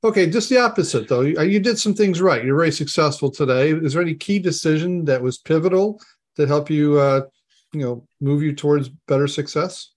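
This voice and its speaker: A man's voice: on the high side, a little fast. A man hosting an interview podcast, affirming his guest and asking questions in an easygoing way. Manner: affirming, asks questions, frequent agreement. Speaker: podcast host. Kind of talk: conversational interview.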